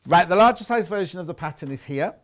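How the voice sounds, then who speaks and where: A man's voice: sits high, lively intonation, quick pace. A man from the north-west of England hosting live sewing sales on a TV shopping channel, chatty and jokey. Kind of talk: live TV selling and chat. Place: TV studio.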